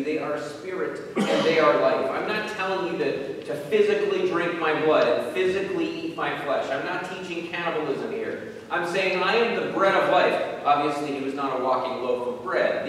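A man preaching a sermon, moving from quiet earnest questions to slow, loud, emphatic passages and reading scripture in old-fashioned wording. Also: fairly high pitch. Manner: reads scripture in King James wording. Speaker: pastor. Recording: echoey hall, distant mic, faint room noise.

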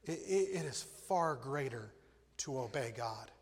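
A man's voice: mid-range voice, unhurried, slightly rough. Man preaching in a reverberant hall. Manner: animated, acts out voices in stories. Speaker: pastor. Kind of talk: sermon.

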